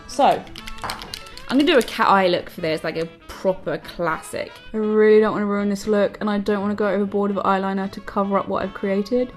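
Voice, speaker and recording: A bubbly young woman chatters her way through a get-ready-with-me vlog at home, her voice sitting at an ordinary middle pitch. She is chatty and self-mocking and keeps turning aside to talk to the universe. Soft music plays faintly behind her. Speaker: vlogger. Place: home, indoors. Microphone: camera mic.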